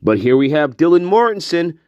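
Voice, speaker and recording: A man's voice: on the high side, big pitch swings, a little fast, no room sound, muffled recording. A man hosting a casual true-crime commentary video, blunt and mocking, swearing freely and chuckling between remarks.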